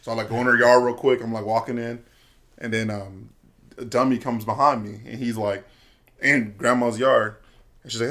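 A young man chats casually, telling stories loosely with lots of fillers, restarts and self-interruptions. His voice is medium-pitched, steady and a bit bright at a normal speed.

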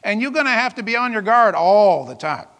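A man's voice: high-pitched, big pitch swings, brisk, creaky, a bit bright, long reverb tail. A man preaching a sermon as pastor, emphatic, with dramatic exclamations and rhetorical questions to the congregation.

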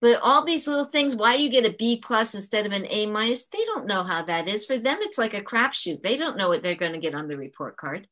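A woman's voice: medium pitch, big pitch swings, fairly quick, few pauses, a bit bright. A woman who works as a teacher, talking earnestly in an interview and explaining her points with frequent restarts. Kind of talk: conversational interview storytelling.

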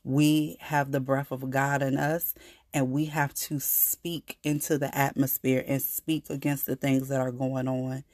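A woman's voice: rumbling low, level tone, measured pace, a little mellow, no echo, studio quality. A woman hosting a casual faith-based podcast, talking earnestly and conversationally, growing emphatic when she declares her faith. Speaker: podcast host.

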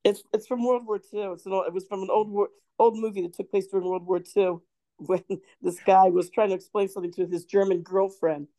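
A woman with a mellow, warm tone tells old stories at an easy pace, pausing with ums and laughing often. She co-hosts a casual podcast. The sound is dry and close. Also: medium pitch, fairly even intonation, no echo. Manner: anecdotal, laughs often, searches for words. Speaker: podcast co-host. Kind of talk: casual storytelling chat.

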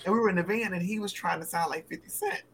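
A woman co-hosting a podcast for actors, chatting casually and telling lively, slangy stories. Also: on the low side, quick pace, a little hiss or hum. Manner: lively storyteller, slangy, laughs often. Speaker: podcast co-host. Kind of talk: casual chat.

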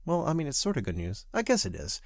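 Animated male podcast co-host. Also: a little high, quick pace, gravelly, no echo, studio quality. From Southern United States. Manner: animated, self-deprecating storyteller. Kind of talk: casual chat with advice.

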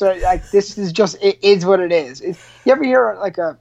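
A man's voice: sits high, fairly quick, creaky, a little mellow. Chatty man telling a story, muffled. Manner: laughs often, many restarts and fillers. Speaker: radio show producer. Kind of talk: casual storytelling. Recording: muffled lo-fi sound.

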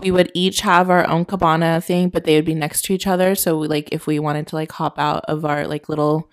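A woman's voice: sits low, flat delivery, brisk. A young adult woman co-hosting a podcast in casual chat, giggling and rambling with lots of likes and restarts. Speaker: podcast co-host.

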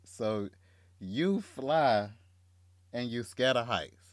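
A man's voice: mid-range voice, lively intonation, drawn-out words, no room sound, clean studio sound. A man interviewing a guest, laid-back and teasing. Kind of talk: casual interview.

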